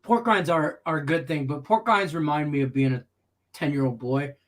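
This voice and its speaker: Brief: male stream host, slightly high voice, loose and rambling, laughs easily. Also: moderate pace. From Detroit, Michigan. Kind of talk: casual chat on a live betting stream.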